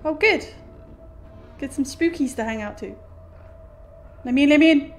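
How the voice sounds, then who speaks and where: A woman's voice: high voice, brisk, darkish tone, faint music behind. A woman streaming a horror game, reacting with sudden exclamations and chatting to the characters and viewers. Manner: jumpy, exclamatory, talks to the game. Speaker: gaming streamer. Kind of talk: let's play commentary.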